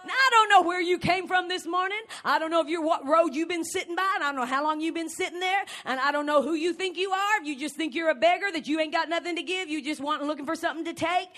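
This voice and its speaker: A woman preacher delivering a sermon, emphatic and building up to shouts. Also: very high voice.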